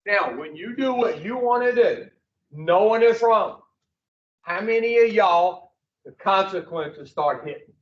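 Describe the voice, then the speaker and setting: Recovery group leader, male, high-pitched and unhurried, blunt and cussing; roomy, distant, dull recording. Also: lively intonation. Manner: blunt, profane, quizzes the group. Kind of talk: teaching a recovery class. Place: room with a group.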